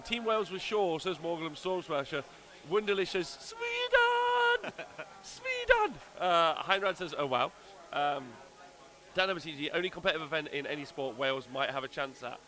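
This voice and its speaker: A man's voice: fairly high pitch, a little fast, sharp tone. A man co-hosting a casual wargaming livestream, joking around and reading chat messages aloud. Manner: jokey, reads out chat messages. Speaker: co-host of a wargaming stream.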